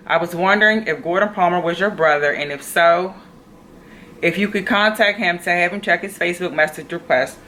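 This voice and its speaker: A woman, telling a personal story to her phone camera in an animated, chatty way. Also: on the low side, a little hiss or hum. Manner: chatty, animated, addresses viewers as y'all. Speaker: vlogger.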